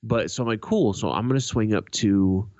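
A fairly low-voiced man swears his way through a rambling anecdote on a podcast. The sound is dull and lo-fi, and the room is dry and close. He talks loosely, as if chatting with a friend. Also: fairly quick, darkish tone, no room sound. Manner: profane, rambling storyteller. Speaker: podcast co-host. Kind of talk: casual chat.

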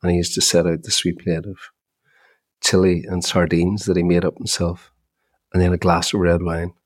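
A middle-aged man, co-hosting a chat podcast as an animated storyteller who often repeats his opening words. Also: low-pitched, moderate pace, dry recording, clean studio sound. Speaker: podcast co-host. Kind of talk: casual chat.

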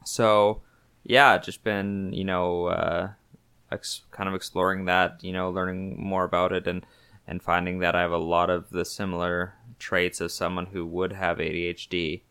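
A man's voice: low-pitched, little pitch movement, normal speed, pushed and bright, smooth, no echo. A man, co-hosting a podcast in casual chat, joking around and stumbling over restarts. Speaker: podcast co-host.

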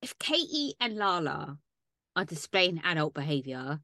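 Animated woman recapping reality TV. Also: deep voice, a little slow, dry recording, studio quality. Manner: animated, swearing, exasperated recapping. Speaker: podcast co-host. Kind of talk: casual chat.

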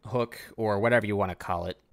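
Tired low-voiced man, rambling chat. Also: fairly even intonation, fast talker, no room sound. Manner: rambling, many "like" fillers. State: tired, yawning. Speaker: podcast co-host. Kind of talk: casual music discussion.

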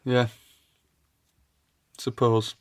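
A man's voice: medium pitch, flat delivery, very slow, clear, resonant tone. A man co-hosting a casual comedy podcast chat, laughing often and teasing his friend. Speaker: podcast co-host.

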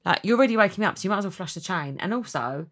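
A woman's voice: medium pitch, animated, rapid-fire, a bit bright. A woman hosting her podcast in emotional, chatty talk full of likes and ums. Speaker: podcast host. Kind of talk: casual chat.

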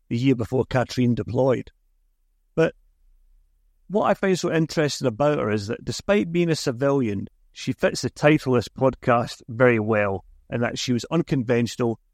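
A man hosting a podcast interview, chatty and given to quick restarts. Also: mid-range voice, a little mellow, no echo, clean studio sound. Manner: chatty, self-correcting restarts. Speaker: podcast host.

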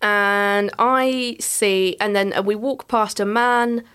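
A woman's voice: medium pitch, steady tone, slow, a bit bright, smooth. A woman co-hosting a casual podcast chat, playful and laughing often. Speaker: podcast co-host.

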